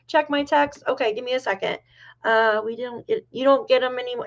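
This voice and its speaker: A middle-aged woman from New York hosts a loose, chatty livestream and reads viewer comments aloud. Her voice sits fairly high. The sound is dull and lo-fi. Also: unhurried, a bit bright. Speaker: livestream host. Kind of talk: casual livestream chat.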